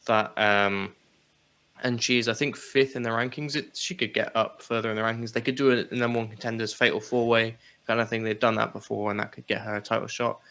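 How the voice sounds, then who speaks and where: A man co-hosting a casual wrestling talk show, animated and quick to laugh and swear. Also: fairly low pitch. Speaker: podcast co-host.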